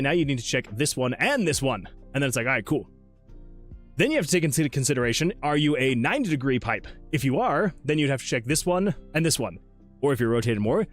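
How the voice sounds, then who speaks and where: Man, game dev livestreamer, casual rambling chat, self-deprecating, bit higher-pitched voice. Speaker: game developer streamer.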